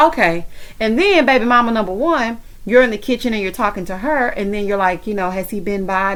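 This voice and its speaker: A woman with a Southern American accent giving sassy, animated commentary on a reality TV episode, talking straight to the viewer. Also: a little high. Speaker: reality TV recap vlogger. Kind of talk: casual commentary.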